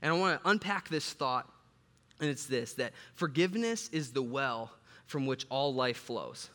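A male pastor from the south side of Chicago, preaching a sermon and telling a humorous personal story in an animated, joking way. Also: medium pitch, normal speed. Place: church sanctuary. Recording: long reverb from a large hall.

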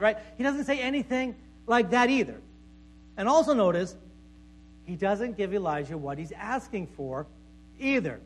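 A male pastor preaching a sermon before a congregation in a conversational way, checking in with "right?" and dropping to a soft voice for emphasis. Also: sits high, expressive, normal speed. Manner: conversational preaching with frequent "right?" tag questions and stammered repeats; drops to soft, quiet tones for emphasis.

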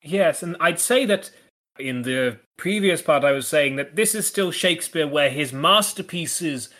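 A man co-hosting a podcast, talking things through in a thoughtful, analytical way and often pausing to restart his sentences. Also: fairly high pitch, expressive, pushed and bright. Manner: thoughtful, hesitant, with frequent restarts. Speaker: podcast co-host. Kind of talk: casual analytical discussion.

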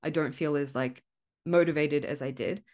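A woman's voice: sits low, steady tone, moderate pace, a little mellow. A young woman hosting a solo podcast, talking candidly and rambling, swearing freely and laughing at herself. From Australia. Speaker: podcast host. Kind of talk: casual solo podcast monologue.

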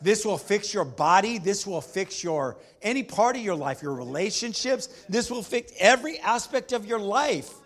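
High-voiced emphatic preaching man. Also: big pitch swings, normal speed, hardly any pauses, fairly bright tone. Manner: emphatic call-and-response preaching with the congregation. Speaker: pastor. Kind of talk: sermon.

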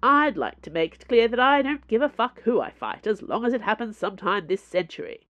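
Woman narrator doing a loud, blunt, swearing male fighter, plainly impatient. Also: sits high, big pitch swings, brisk, lo-fi sound, pitched above the performer's own voice, full character voice. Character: impatient, foul-mouthed male duelist.

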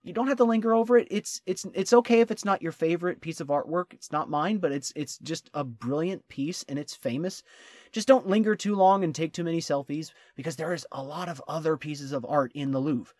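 A man co-hosting a travel talk, eager and quick to laugh, tripping over his words when excited. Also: fairly high pitch, no room sound, clean studio sound. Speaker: travel vlog co-host. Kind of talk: casual travel chat.

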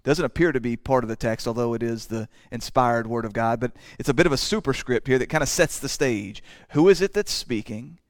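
A man preaching a sermon in earnest, swelling loud on key phrases and dropping to quiet asides. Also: medium pitch, a little fast, few pauses, dry recording, clean studio sound. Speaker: pastor.

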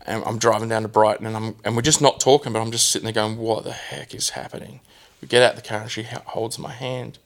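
A man shares a personal story as a guest, his voice low and full of gravelly fry. He talks candidly and haltingly, often breaking off and starting his sentences again. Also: fairly even intonation. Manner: candid, halting, with many restarts.

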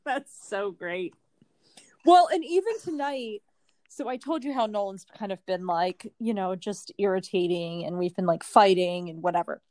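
A woman's voice: medium pitch, normal speed, no echo. A woman co-hosting a podcast in casual chat, telling stories with lots of laughter. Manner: animated storyteller, laughs often. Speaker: podcast co-host.

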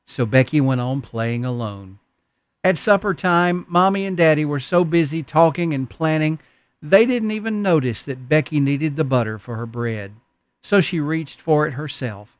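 A man's voice: medium pitch, normal speed, no room sound. Male pastor, sermon, folksy, earnest, dry close recording.

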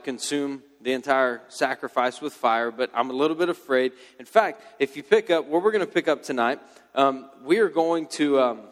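A young man giving a laid-back, slang-filled sermon as a youth pastor. His voice sits a little high for a man. It rings out with the long reverb of a big hall. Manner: casual, slangy, storytelling.

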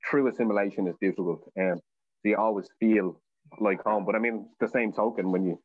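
A quick-talking Irish man chats as a guest, with a lowish voice and a storyteller's flow. The recording sounds dull and lo-fi. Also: fairly even intonation, no room sound. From Ireland. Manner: chatty, storytelling with acted quotes. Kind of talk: casual chat.

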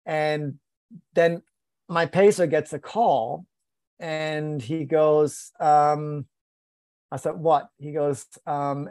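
A man's voice: a little high, no echo. A man, a podcast guest, telling a story in casual chat, acting out quoted lines with self-deprecating humor. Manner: lively, acts out quoted dialogue, self-deprecating.

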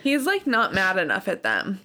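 Chatty young woman, lively voice. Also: mid-range voice, moderate pace. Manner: chatty, enthusiastic, agreeable. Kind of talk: casual chat.

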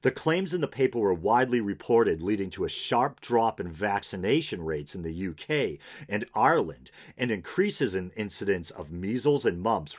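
A man hosting an unscripted podcast, reading news aloud with casual, wry asides. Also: on the low side. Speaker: podcast host.

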